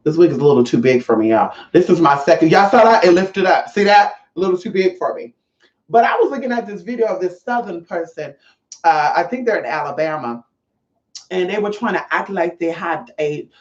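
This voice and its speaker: A sassy, profane spiritual vlogger chatting casually straight to viewers and calling them y'all. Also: medium pitch. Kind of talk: casual vlog monologue. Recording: roomy, slightly dull sound.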